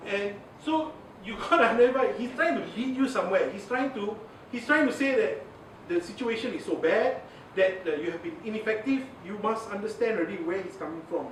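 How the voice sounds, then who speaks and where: A man's voice: high-pitched, expressive, normal speed. A man giving a chatty training lecture, full of fillers and asides. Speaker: communications trainer. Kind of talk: informal workshop lecture. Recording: echoey room from far off, faint hiss.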